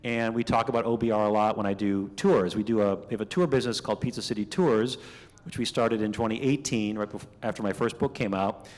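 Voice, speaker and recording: A middle-aged man from Minnesota giving a conversational keynote speech, telling stories with lively asides. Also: lowish voice, fairly quick. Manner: chatty, animated storytelling with asides. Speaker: keynote speaker. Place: banquet hall. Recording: reverberant banquet hall.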